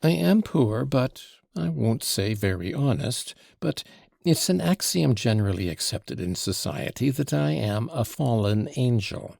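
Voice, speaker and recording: A man voicing the devil in an audiobook, a fawning gentleman visitor who mocks in mock-polite, ingratiating tones. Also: medium pitch, animated, a little slow, vocal fry, no echo, studio quality, heavily acted. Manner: mocking, fawning, mock-polite, with French flourishes. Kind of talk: audiobook character reading.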